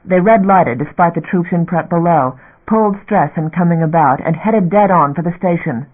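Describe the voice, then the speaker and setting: Male audiobook narrator, fairly high voice, steady dramatic read, phone-like narrow recording. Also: moderate pace.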